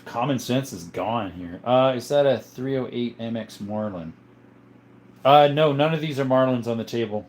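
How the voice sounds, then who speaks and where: A man's voice: mid-range voice, moderate pace, darkish tone, a little hiss or hum. Easygoing man hosting a casual livestream. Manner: easygoing, chuckles often, thinks aloud with fillers. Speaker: livestream host. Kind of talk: casual livestream chat, reading comments aloud.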